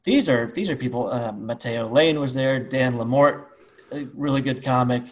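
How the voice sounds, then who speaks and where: Male podcast host, mid-pitched, easygoing and halting. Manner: relaxed, halting, with fillers. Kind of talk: casual podcast conversation.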